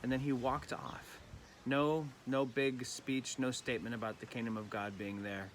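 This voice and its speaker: A man giving a gentle, reflective evening prayer reflection as a pastor, recorded at home during lockdown. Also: mid-range voice, flat delivery, moderate pace, a little hiss or hum.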